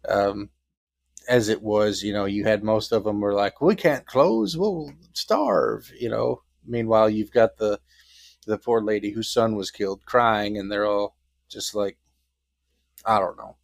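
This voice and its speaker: A man's voice: lowish voice, monotone, measured pace, no room sound, clean studio sound. A man co-hosting a podcast, chatting casually about a film in a rambling way and now and then acting out lines. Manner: rambling, acts out lines in silly voices. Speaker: podcast co-host. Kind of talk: casual film review chat.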